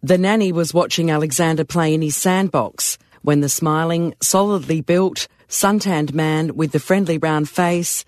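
A man narrating a story in a calm, measured way. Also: fairly high pitch, no echo, clean studio sound.

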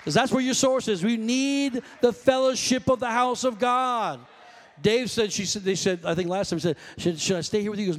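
A male pastor with a high voice preaches to his congregation, drifting into loose stories with restarts and calls for a response. The sound carries a long reverb from the church hall. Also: brisk. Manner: conversational, rambling storytelling with self-corrections. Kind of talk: sermon.

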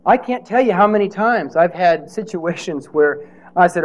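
A man's voice: sits high, expressive, moderate pace. A man preaching a sermon in a conversational way, with rhetorical questions and playful asides.

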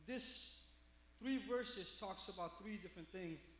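High-voiced man preaching a lively sermon. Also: measured pace, slight background noise. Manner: animated storytelling with many fillers. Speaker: pastor.

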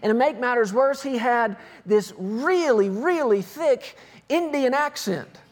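High-voiced preaching man. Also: expressive. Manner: reads scripture slowly with emphasis, tells stories in between. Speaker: pastor. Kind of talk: sermon.

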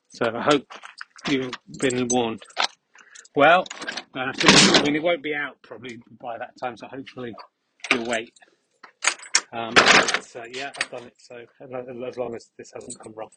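A man hosting a podcast, rambling through a deadpan comic monologue outdoors while walking. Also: mid-range voice, a little slow, a little hiss or hum, poor audio. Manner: deadpan, absurd asides. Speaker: podcast host. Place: outdoors on a dog walk.

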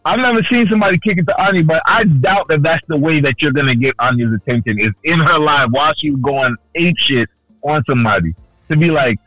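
A man co-hosting a casual podcast chat, telling stories loudly with lots of swearing and acted-out quotes. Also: a little high, fairly quick, no echo, phone-quality sound, faint music behind. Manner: animated storyteller, loud and swearing, acts out quotes. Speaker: podcast co-host.

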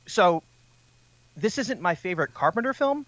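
Podcast co-host, male, slightly high voice, dry close mic; animated, rambling storyteller. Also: moderate pace, dry recording, highs cut off. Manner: rambling, animated anecdote-telling with laughter. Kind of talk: casual chat.

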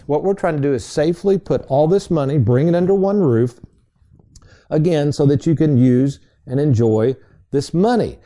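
A man's voice: fairly high pitch, moderate pace, warm tone. A middle-aged man hosting a financial radio show, telling stories in a folksy, chatty way and calling his listeners folks. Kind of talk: casual storytelling on a radio show.

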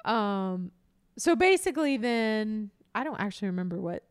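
A woman's voice: mid-range voice, lively intonation, normal speed, smooth. A woman co-hosting a podcast, retelling movie scenes in casual chat, acting out the quotes and laughing often. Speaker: podcast co-host.

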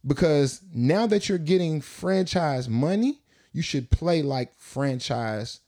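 A man co-hosting a podcast in casual chat, telling animated, slangy stories. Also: on the high side, slow. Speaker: podcast co-host.

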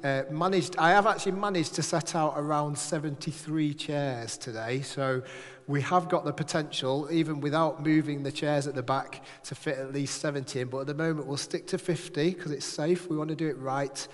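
A man's voice: a little high, steady tone, normal speed. A man leading a church service, giving notices in a chatty, joking, rambling way to a live congregation. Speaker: church leader. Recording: echoey hall.

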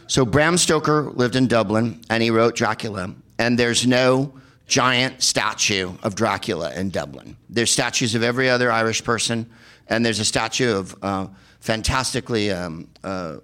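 A man's voice: mid-range voice, fairly bright tone. A man telling rambling, sardonic comic travel stories, with plenty of swearing and filler words. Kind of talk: comedic travel storytelling.

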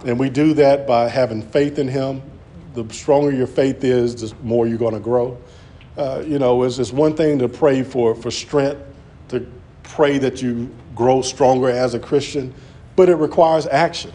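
A man's voice: mid-range voice, fairly even intonation, a little slow, dark tone. A man preaching an earnest sermon, often restarting his words as he presses his points. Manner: earnest, repetitive, stammering restarts.

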